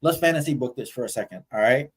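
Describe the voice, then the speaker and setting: A man's voice: mid-range voice, fast talker, husky, poor audio. A man co-hosting a podcast, telling stories animatedly and swearing casually. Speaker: podcast co-host. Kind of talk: casual chat.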